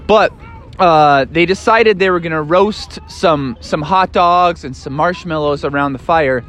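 A man's voice: a little high, moderate pace, fairly bright tone. A man improvising a bedtime story in a playful, rambling way, with lots of fillers.

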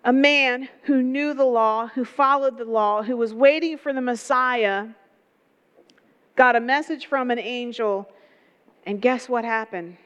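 A woman preaching a sermon, telling the story in a lively way with folksy asides. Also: a little high, unhurried, clear, resonant tone, long reverb tail, highs cut off.

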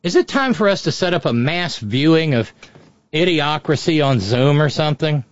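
A man's voice: fairly high pitch, animated, moderate pace, no room sound. Man, sardonic commentary, profane, rambling, dry muffled recording. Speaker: political commentator. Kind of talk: off-the-cuff commentary. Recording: dull, dry lo-fi audio.

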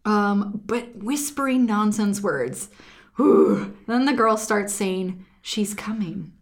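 A woman's voice: medium pitch, takes it slowly. Woman in her twenties, podcast co-host, laughs through casual storytelling. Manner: giggly, animated storytelling with frequent laughs. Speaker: podcast co-host reading listener stories. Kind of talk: casual chat.

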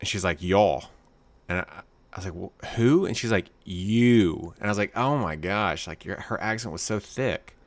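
A man's voice: fairly low pitch, moderate pace, dry recording. A man co-hosting a casual podcast chat, rambling and playful, often repeating his words. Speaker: podcast co-host.

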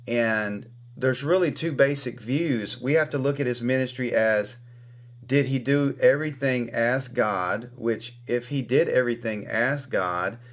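Slow-talking man teaching scripture. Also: mid-range voice. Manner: measured, with frequent restarts. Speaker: host.

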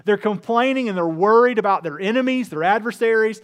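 A man's voice: high voice, brisk, smooth. A man preaching a conversational sermon in church, acting out the voices of the psalm with rising emotion. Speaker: pastor. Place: church with two campuses.

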